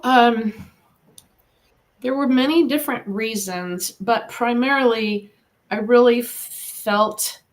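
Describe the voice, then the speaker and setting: A middle-aged American woman, a guest in an interview, telling her story in an earnest, encouraging way. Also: a little high. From United States. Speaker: guest, animal communicator. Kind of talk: casual interview talk.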